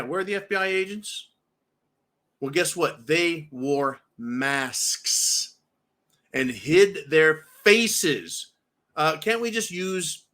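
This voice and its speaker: This is an angry political rant from a man hosting a commentary show, his voice high with a sharp tone. Profane and furious, he curses nonstop and repeatedly addresses the viewers as folks.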